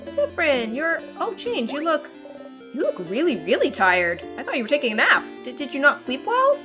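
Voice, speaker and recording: A woman voicing a kind, cheerful young female companion who talks gently and with concern. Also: high voice, wildly swooping pitch, moderate pace, music in the background. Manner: gentle, caring, chatty.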